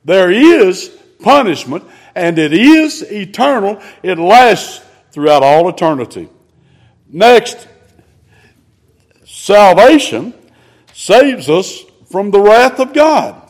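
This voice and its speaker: A man preaching a sermon in an emphatic, drawn-out manner. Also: very animated. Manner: emphatic, drawn-out preaching with sudden rises in pitch.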